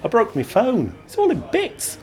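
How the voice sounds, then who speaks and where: Brief: tipsy flirty woman, slurring, high bouncy voice, put on by a male reader. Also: huge pitch swings, normal speed, darkish tone, exaggerated voice. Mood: tipsy chatty. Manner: slurring, teasing.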